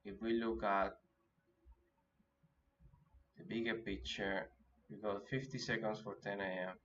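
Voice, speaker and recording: A man with a lowish voice talks himself through a live trading session, thinking aloud and restarting his sentences. The audio is dull and lo-fi, with a faint hiss underneath. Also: flat delivery, a bit bright. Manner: thinking aloud, self-coaching, halting restarts. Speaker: day trader.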